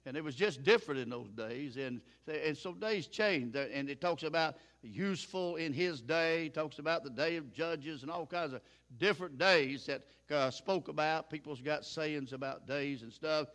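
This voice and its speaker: A man's voice: a little high, normal speed, fairly bright tone. An older man preaching a sermon in a folksy, plain-spoken way, chuckling now and then.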